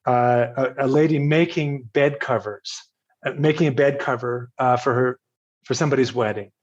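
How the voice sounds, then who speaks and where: A man's voice: medium pitch, normal speed. An older man from Virginia, a podcast guest, tells a self-mocking story in a casual interview and laughs at himself as he quotes others. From Virginia, United States. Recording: slightly dull, lo-fi audio.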